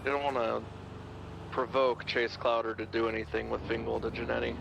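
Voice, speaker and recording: A man playing a police officer, giving rapid situation reports over the radio. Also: medium pitch, completely flat delivery, vocal fry, background noise. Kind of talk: role-play police radio calls. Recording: dull lo-fi in-game radio.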